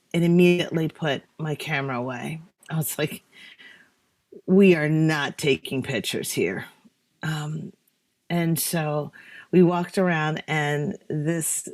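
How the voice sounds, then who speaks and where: Guest photographer, woman, deep low voice; halting, emotional storyteller. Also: a little mellow. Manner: halting, emotional, many fillers and restarts. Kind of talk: casual storytelling in a talk Q&A.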